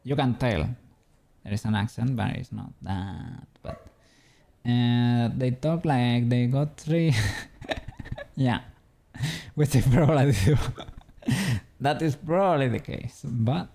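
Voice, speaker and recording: Streamer, male, dark gravelly tone, rambling chat punctuated by chuckles. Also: medium pitch, slow pace. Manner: rambling, chuckling often, self-correcting. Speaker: livestreamer doing 3D modeling. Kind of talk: casual chat with viewers.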